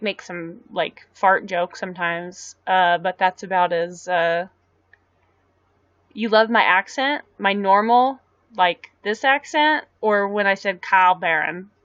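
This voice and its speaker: Chatty woman on a live stream, mid pitch, dry dull lo-fi sound, just rambling at her chat. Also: fairly bright tone, dry recording. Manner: rambling, answering viewer comments aloud.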